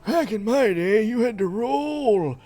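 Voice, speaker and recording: A man voicing a grumbling old man who rambles and complains in a drawn-out way. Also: high voice, lively intonation, dark tone, voice pushed up. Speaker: streamer.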